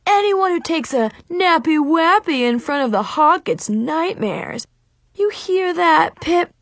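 A woman voicing a boastful, bullying male karate teacher in a storybook reading, shouting and heckling. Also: very high voice, animated, slow, no room sound, pitched above the performer's own voice, exaggerated voice. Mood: mocking.

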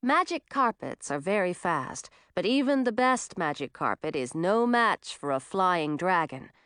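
A woman reading a storybook aloud, her voice rising and falling in a lively, expressive way. The recording is dry and close, with no room sound. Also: on the low side, unhurried, clear, resonant tone, dry recording. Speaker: narrator. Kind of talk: storybook narration.

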